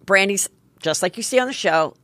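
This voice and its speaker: A woman's voice: mid-range voice, expressive, a little fast, a bit bright, no room sound. Chatty, swearing middle-aged woman host. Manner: chatty, candid, profane, self-mocking. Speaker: podcast host. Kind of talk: casual storytelling monologue.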